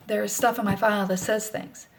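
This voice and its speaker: A middle-aged woman speaks straight to the camera in a personal vlog, her pitch sitting right in the middle of the range. She sounds anxious as she rambles along bluntly and swears without a second thought. Her voice often sinks into a soft whisper. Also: flat delivery, a little fast, slight background noise. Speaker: vlogger. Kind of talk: candid personal vlog monologue.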